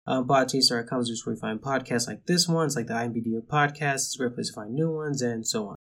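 Husky-voiced joking podcast host man. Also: mid-range voice, quick pace, a bit bright. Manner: chatty, joking, rambling asides. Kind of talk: casual podcast chat.

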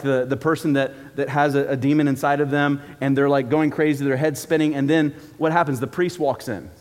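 A man's voice: on the high side, a little mellow. A man preaching a sermon in a church auditorium, in a casual, joking, conversational way. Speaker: pastor. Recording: long reverb from a large hall.

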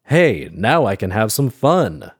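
A man voicing a fearless, violent castle-sitter from a fairy tale with a gruff, blunt manner. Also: fairly low pitch, very animated, slow, full character voice. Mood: gleeful.

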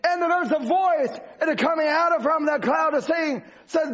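A man's voice: extremely high pitch, moderate pace, fairly bright tone. A man preaching a sermon with an emphatic, repetitive cadence. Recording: dull lo-fi recording.

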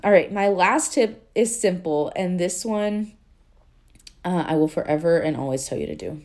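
A woman's voice: on the low side, moderate pace, a little mellow. A woman hosting a casual faith-based podcast, talking earnestly in a chatty way full of fillers like "like" and "um". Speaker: podcast host and life coach.

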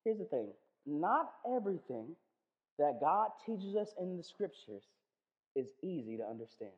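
Pastor in a church hall, lively sermon delivery, repeats and restarts, muffled lo-fi sound. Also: mid-range voice, normal speed. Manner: animated, acts out little dialogues, frequent restarts. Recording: echoey hall, dull lo-fi sound.

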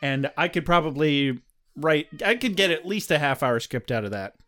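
A man's voice: on the high side, moderate pace. A man co-hosting a podcast, joking and swearing playfully while reading supporter names and recapping an episode. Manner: playful, profane and animated. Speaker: podcast co-host. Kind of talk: casual comedic chat and episode recap.

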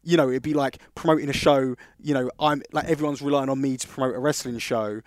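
Male podcast co-host, mid-pitched, rambling storyteller, dry close sound. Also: fairly even intonation, quick pace, no room sound. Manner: rambling anecdotes with restarts. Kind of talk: casual storytelling chat.

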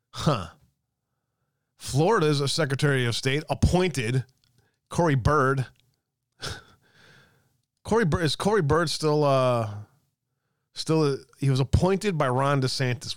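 A man's voice: medium pitch, expressive, measured pace, long pauses, no echo. Sarcastic man ranting in a dry room. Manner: sarcastic, muttering asides and scoffing; swears casually. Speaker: host of a political commentary show. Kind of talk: ranting online commentary, reading aloud from a website.

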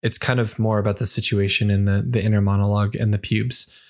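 A man chatting casually with friends about a comic, laughing often and pausing with fillers. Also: on the low side, flat delivery. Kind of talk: casual group chat reviewing a comic.

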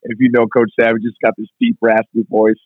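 A strength coach being interviewed, telling stories in a fast, casual way full of "like". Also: male voice, medium pitch, monotone, no room sound. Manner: fast, filler-heavy, constant "like". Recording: tinny phone-like line, dry.

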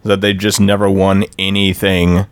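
A man's voice: deep voice, completely flat delivery, normal speed, a little hiss or hum. A man from North Texas, a podcast co-host who grumbles bluntly in short, terse lines. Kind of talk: casual profane chat.

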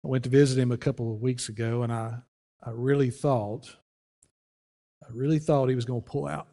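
A pastor telling a story in a folksy, conversational sermon, with frequent restarts. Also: male voice, medium pitch, steady tone, brisk, creaky, mellow. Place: church sanctuary. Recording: long church reverb.

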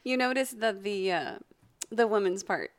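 A woman co-hosting a podcast in casual chat, encouraging and quick to laugh. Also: mid-range voice. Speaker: podcast co-host.

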